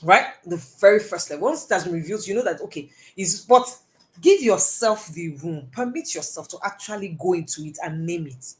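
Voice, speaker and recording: A woman's voice: lowish voice, expressive, brisk. A woman giving a live talk, answering audience questions in an earnest, emphatic way and repeating phrases for stress. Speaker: personal development speaker.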